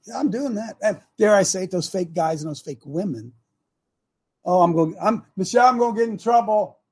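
High, husky man hosting loudly. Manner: animated, loud bursts, repeats himself. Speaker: host. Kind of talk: casual opinionated show talk.

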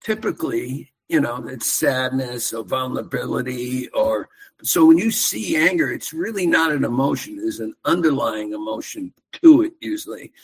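A man calling in to a talk show, calmly explaining with some ums. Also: medium pitch, normal speed, husky, poor audio. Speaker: caller. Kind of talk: casual call-in chat.

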